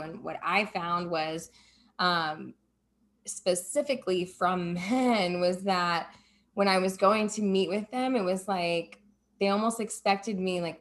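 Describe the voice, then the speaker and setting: A woman's voice: fairly low pitch, unhurried. A woman who owns a cannabis business, speaking as a panel guest and acting out remembered conversations. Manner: animated, acts out quoted dialogue. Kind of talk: casual panel discussion.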